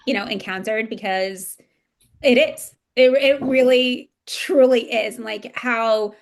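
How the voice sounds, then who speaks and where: A woman hosts a casual podcast, rambling enthusiastically through her thoughts with many fillers. Her voice sits fairly high and carries a strong gravelly fry. She sounds chatty and eager. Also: steady tone, slow pace. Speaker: podcast host.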